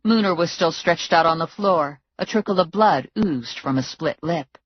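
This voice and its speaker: Low-voiced woman narrating wryly. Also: animated, moderate pace, husky, highs cut off. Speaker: audiobook narrator. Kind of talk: first-person audiobook narration.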